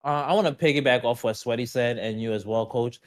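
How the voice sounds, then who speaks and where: A man chats casually as a streamer guest on a podcast. He talks in an animated, rambling way and keeps asking "you know what I mean". His voice sits at an ordinary middle pitch. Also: fairly quick.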